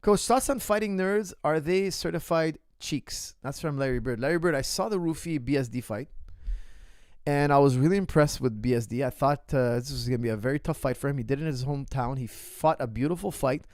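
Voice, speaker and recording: A man, a martial arts coach, chatting casually in a Q&A and telling stories in an animated way, acting out the people he quotes, often repeating words and restarting phrases. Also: medium pitch, brisk, dry recording, clean studio sound. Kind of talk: casual livestream Q&A chat.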